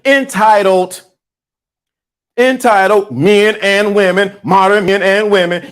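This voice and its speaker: A man's voice: high voice, moderate pace, fairly bright tone. A man, hosting a motivational talk and speaking to his chat like a preacher, repeating lines for emphasis. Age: 50s. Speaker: host.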